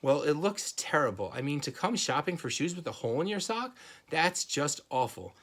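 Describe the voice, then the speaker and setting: A man's voice: a little high, very animated, normal speed, a bit bright. Storybook mother, fretful and scolding, as a male reader puts her on. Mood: fussing. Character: fussy, easily embarrassed mother.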